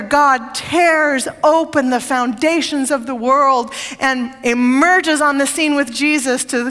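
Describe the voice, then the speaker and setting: A woman's voice: high-pitched, slow, few pauses, fairly bright tone, big-room sound. A woman pastor preaching a sermon, emphatic and repeating phrases for effect.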